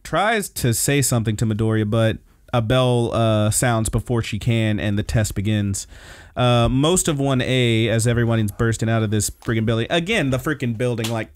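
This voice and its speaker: A man's voice: mid-range voice, clean tone, dry recording, studio quality. A man hosting a podcast, recapping episodes in a laid-back, casual way and swearing freely. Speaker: podcast host.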